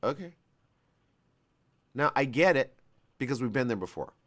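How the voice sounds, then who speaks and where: A man's voice: mid-range voice, expressive, normal speed, a bit bright. A man hosting a live talk show, giving rambling, conversational commentary with an American West Coast accent. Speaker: host.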